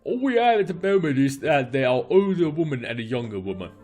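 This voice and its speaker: A man's voice: on the high side, very animated, fairly quick, a little mellow, soft background music, voice pushed up. A man with a cold voicing an eager young British treasure-hunting friend in a faltering put-on British accent. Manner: upbeat, enthusiastic. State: has a cold.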